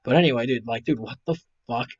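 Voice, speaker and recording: A man's voice: mid-range voice, fast, husky, no echo. Male host, tired, profane, rambling reactions; lo-fi dry mic, no room. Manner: profane, rambling, laughs a lot. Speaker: video host reacting to photos. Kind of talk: casual reaction commentary. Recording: dull lo-fi, dry.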